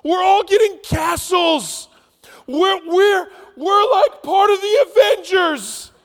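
A preacher doing a giddy, shouting young disciple. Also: male voice, lively intonation, slow, in a large hall, heavily acted. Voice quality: loud, high and shouting. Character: giddy young male disciple, overexcited and boastful.

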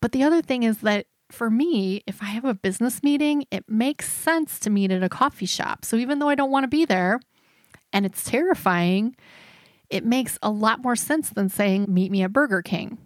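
A woman's voice: a little high, normal speed, no room sound, studio quality. Self-mocking woman podcast host. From United States. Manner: animated, self-deprecating storytelling. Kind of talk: personal storytelling.

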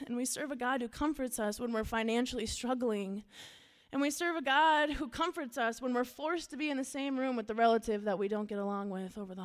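A woman youth pastor from Minnesota giving an earnest, casual sermon with personal storytelling. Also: a little high.

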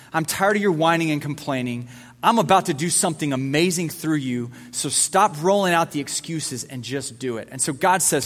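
A man's voice: a little high, fairly bright tone. A man giving a casual, conversational sermon as a youth pastor, acting out the dialogue as he goes. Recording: long hall reverb.

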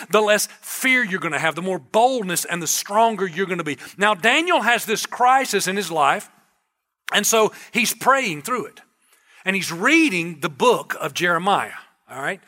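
A male pastor delivers a sermon in an easygoing, conversational way, leaning on repetition to drive his points home. His voice sits high for a man and has a bright, forward tone. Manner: conversational preaching with emphatic repetition.

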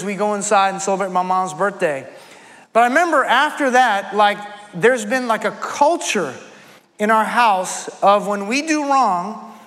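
A man preaching a sermon as pastor, telling a personal story earnestly and leading a soft prayer. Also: high-pitched, long reverb tail.

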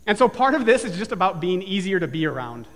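Talking fast with big pitch swings in a voice that sits high, a pastor delivers his sermon in a large hall. Before a congregation present in person and online, his earnest story climbs to emphatic, repeated lines.

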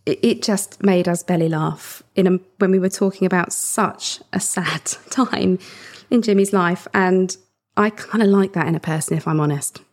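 Female podcast host, gravelly tone, earnest reflective chat. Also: fairly low pitch, normal speed, darkish tone. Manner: earnest, with frequent restarts and laughter.

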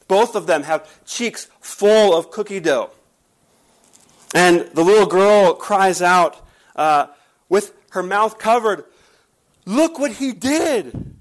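A man's voice: a little high, poor audio. A man preaching a sermon as a pastor, telling stories emphatically and asking rhetorical questions.

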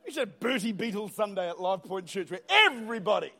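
Australian male pastor, very high voice, energetic, humorous, church sermon. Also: fast talker, creaky, some chatter behind. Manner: energetic, humorous, rises to shouting at high points. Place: church auditorium.

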